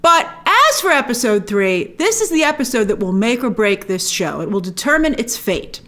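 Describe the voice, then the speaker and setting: A woman hosting a casual, opinionated TV review, chatty and animated, acting out quick asides. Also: a little high. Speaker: host reviewing a TV series.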